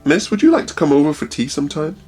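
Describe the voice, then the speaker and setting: A man's voice: a little high, very animated, fast, darkish tone, voice pushed up. A man reading a fan story aloud, voicing a gossipy young woman of about twenty-five in a lightly raised, prim voice. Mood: chatty.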